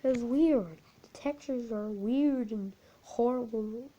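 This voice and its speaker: A woman telling an amateur creepypasta story in a halting, repetitive, unpolished way. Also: a little high, dark tone, lo-fi sound.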